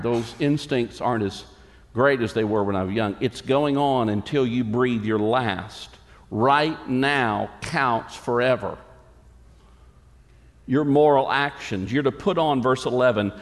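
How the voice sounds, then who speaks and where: Man preaching in a reverberant hall. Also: fairly low pitch. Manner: emphatic preaching with repeated phrases and quoted asides. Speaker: pastor. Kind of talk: sermon. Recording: long reverb of a large hall.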